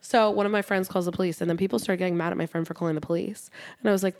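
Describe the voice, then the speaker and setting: A woman's voice: lowish voice, steady tone, very fast, a little mellow. A young woman co-hosting a podcast, telling a story with lots of "like" fillers and frequent swearing. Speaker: podcast co-host. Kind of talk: casual podcast chat. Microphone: studio podcast mic.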